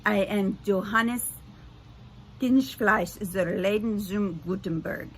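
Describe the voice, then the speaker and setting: A woman voicing a holographic old German printer with a put-on German accent, slow and deliberate. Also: medium pitch, slight background noise, poor audio. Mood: obliging.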